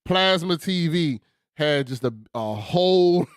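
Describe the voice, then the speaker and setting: A man's voice: a little high, slow pace, clear, resonant tone, no room sound, clean studio sound. A man, telling funny stories in a casual chat and laughing often. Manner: animated, laughing storyteller with slang. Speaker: podcast co-host.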